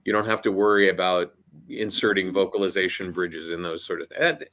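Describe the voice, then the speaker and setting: A man talking on a video call, giving emphatic, punchy coaching advice in an animated panel chat. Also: deep voice, a little fast. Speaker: voiceover artist and audiobook coach.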